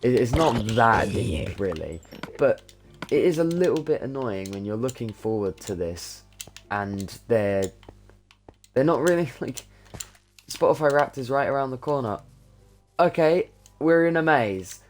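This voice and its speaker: A young man streams a game and thinks aloud, rambling casually between tasks in an animated, medium-pitched voice at a measured pace. Soft music plays behind him, and the noisy recording is full of keyboard typing clicks.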